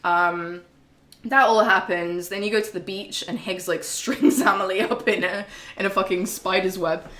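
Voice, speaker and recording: A woman's voice: medium pitch, steady tone, normal speed, fairly bright tone, reverberant. A young woman streaming a game and recapping its story in a casual, chatty, sweary way. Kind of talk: casual chat.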